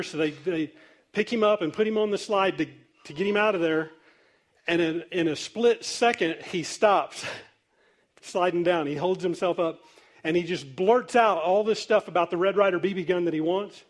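Speaking at a moderate pace in a high-sitting voice, a male pastor tells stories through his sermon in a relaxed, conversational manner, laughing easily.

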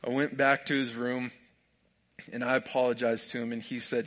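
A young man with a drawl, telling a personal story in a relaxed, jokey way and laughing often. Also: medium pitch, moderate pace. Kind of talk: casual storytelling.

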